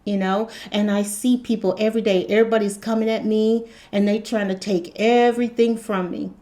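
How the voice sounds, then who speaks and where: A woman's voice: mid-range voice, fairly even intonation, a little fast, mellow. A woman talking casually and earnestly about faith and spirituality, rambling and repeating herself as a channel host. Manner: rambling, repetitive, earnest, laughs often. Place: hot room indoors.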